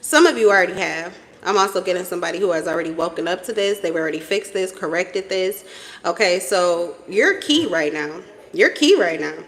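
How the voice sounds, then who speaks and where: A woman giving a casual tarot reading to camera, blunt and profane, breaking into sudden high exclamations. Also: expressive, brisk. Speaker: tarot reader. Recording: reverberant room.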